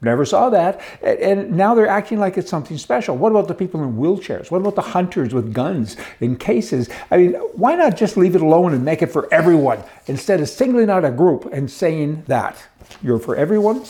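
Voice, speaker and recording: A man's voice: on the high side, very animated, fairly quick, few pauses, mellow. A man hosting an opinionated monologue, rambling and scornful, with chuckles and restarts. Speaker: commentary show host.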